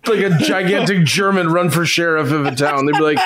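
High-voiced man cracking blunt jokes. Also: fairly quick, a loud crowd. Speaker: podcast co-host. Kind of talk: casual chat.

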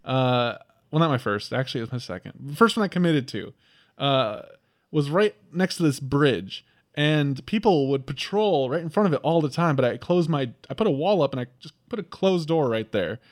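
A man's voice: on the high side, lively intonation, moderate pace. A man co-hosting a casual chat, telling a rambling story and laughing often. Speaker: podcast co-host. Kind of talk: casual chat about a video game.

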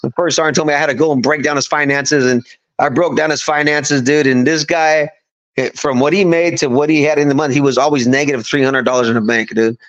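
A man's voice: fairly high pitch, fairly even intonation, fast talker. A man who is an army veteran, a podcast guest telling profane, heated war-story anecdotes in casual chat. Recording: dull lo-fi audio.

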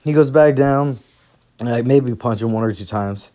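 A man's voice: medium pitch, moderate pace, mellow. A young man hosting a podcast, telling a story in a casual, rambling, profane way and laughing as he goes. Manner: profane, rambling, laughs through his stories. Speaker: podcast host.

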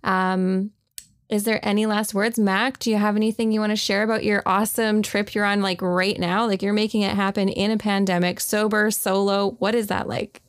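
A woman's voice: mid-range voice, little pitch movement, moderate pace, dry recording, studio quality. A woman with a Canadian accent hosting a casual audio chat room in a bubbly, upbeat manner. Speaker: room host.

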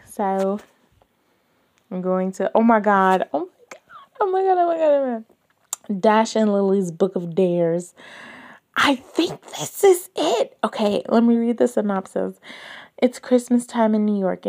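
A woman chats unhurriedly about books she loves. Her voice sits at a mid pitch and keeps spilling into excited, gushing exclamations, with hushed asides in between. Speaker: book vlogger. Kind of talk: casual chat.

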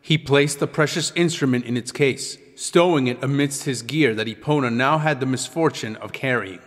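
A man reading an audiobook in a measured, descriptive storytelling manner. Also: mid-range voice. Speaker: audiobook narrator. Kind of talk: scripted audiobook narration. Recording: long reverb with background music.

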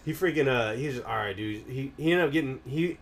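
A man's voice: mid-range voice, animated, brisk, creaky, very noisy. A young man hosting a podcast, telling rambling stories in casual, profane chat. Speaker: podcast host.

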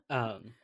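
A young woman co-hosting a casual chat, recapping a TV episode and acting out quotes with sudden loud bursts. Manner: chatty, acts out quotes with sudden yells. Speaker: podcast co-host recapping a TV episode.

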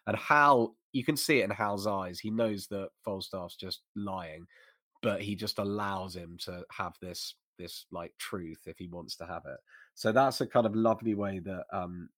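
Enthusiastic man, low dry voice. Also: a little slow, a bit bright, no echo. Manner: enthusiastic, talks in bursts with restarts. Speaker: podcast co-host. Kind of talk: casual literary discussion.

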